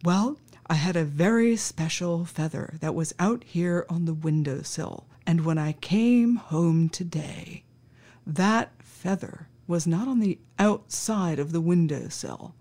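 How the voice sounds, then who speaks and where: A woman voicing a slow, spaced-out stoner surfer man who talks in a drawl that half-drops to a whisper. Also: on the low side, expressive, dark tone, exaggerated voice. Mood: dreamy. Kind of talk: storytelling impression.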